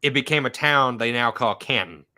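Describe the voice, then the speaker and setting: A man with a bright, forceful voice tells a story in loose, casual conversation. He is animated and swears freely, and he acts out the voices of the people in his story. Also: medium pitch, normal speed.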